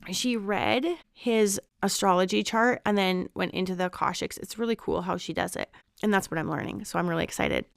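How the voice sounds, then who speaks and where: A woman in her thirties hosting a podcast, talking candidly in a relaxed, reflective monologue. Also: medium pitch, vocal fry, clean tone, no echo, clean studio sound. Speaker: podcast host. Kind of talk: casual personal reflection.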